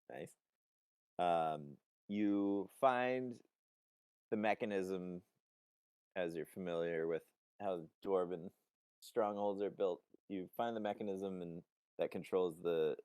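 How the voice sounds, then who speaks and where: A man narrating as game master in a relaxed, halting way with many fillers. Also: deep voice, smooth, dry recording, studio quality.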